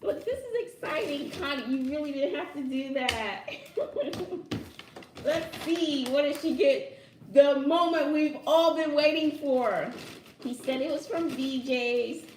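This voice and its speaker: A woman's voice: high voice, takes it slowly, far from the mic, background noise. Giggly woman vlogging in an echoey room. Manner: excited, giggly, talks to viewers as y'all. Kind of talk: casual vlog chat. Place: home room.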